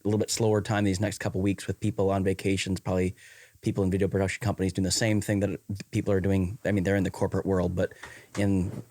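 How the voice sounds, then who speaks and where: A man's voice: low-pitched, little pitch movement, fast, mellow. Rambling man with a Wisconsin accent. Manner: rambling, many fillers and restarts. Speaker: podcast co-host. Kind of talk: casual podcast chat.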